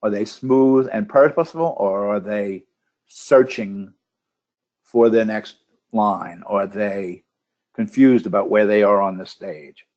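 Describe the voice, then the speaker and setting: A man with a somewhat low voice teaches a webinar for contest judges. He rattles off a steady string of questions about the speaker's delivery. The audio is muffled and lo-fi, as over a computer mic. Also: takes it slowly. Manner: asks a string of checklist questions, with restarts. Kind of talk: instructional webinar talk. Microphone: computer microphone on a webinar call.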